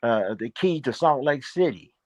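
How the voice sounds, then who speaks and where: A man's voice: medium pitch, animated, normal speed, dry recording. An older man, a guest in a casual interview, rambling and repeating words with plenty of fillers.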